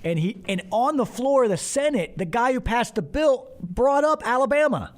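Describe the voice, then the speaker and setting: A man hosting sports talk radio, ranting in a heated, animated way. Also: very high-pitched, normal speed.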